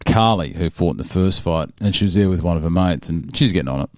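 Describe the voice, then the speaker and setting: A man's voice: low-pitched, fast, dry recording, clean studio sound. An Australian man hosting a podcast, telling a story in casual chat with many restarts. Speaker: podcast host.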